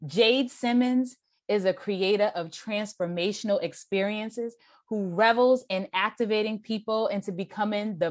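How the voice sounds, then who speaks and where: A woman's voice: on the low side, no echo, clean studio sound. A woman with a Boston accent moderating an online event, introducing the speaker with effusive, repeated praise.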